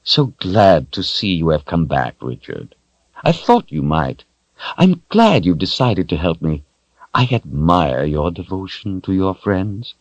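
A man's voice: deep voice, big pitch swings, unhurried, dry recording, highs cut off, exaggerated voice. A man voicing a cold, smug, menacing male sorcerer who speaks in a silky, mocking way.

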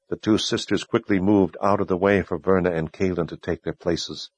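A man narrating an audiobook in a steady, measured storytelling voice. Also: deep voice, slightly rough, dry recording. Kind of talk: scripted narration.

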